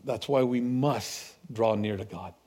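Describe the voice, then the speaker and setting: A middle-aged man preaching a sermon, telling stories with laughs and restarts, animated. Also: medium pitch, a little slow. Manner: storytelling, animated, with laughs and repeated words.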